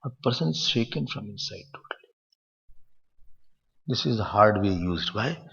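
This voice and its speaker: A man, a swami giving a spiritual discourse in an animated manner. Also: lowish voice, moderate pace, creaky, slightly rough. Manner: animated, acts out quoted scoldings, chuckles at his own jokes. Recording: muffled recording in a reverberant hall.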